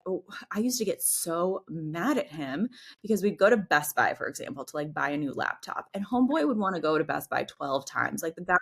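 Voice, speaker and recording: A woman with a low, deep speaking voice, talking on a podcast as a guest coach. She explains things in loose, chatty speech, leaning on "like" and "right?" as she goes. She slips into little acted voices when she quotes people. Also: very animated, a little fast, creaky, a bit bright, husky. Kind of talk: casual explanatory chat.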